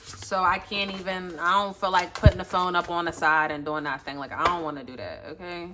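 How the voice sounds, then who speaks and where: A woman's voice: fairly low pitch, fairly even intonation, brisk, noisy background. A woman giving a casual tarot reading into her phone, chatty, blunt and slangy, with lots of profanity. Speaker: tarot reader. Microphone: phone, face off camera.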